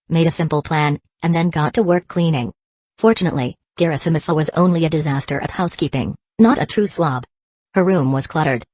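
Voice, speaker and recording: A woman narrates a novel in a steady, even reading voice. Her pitch is low and the audio is dry, with no room echo. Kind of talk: scripted narration.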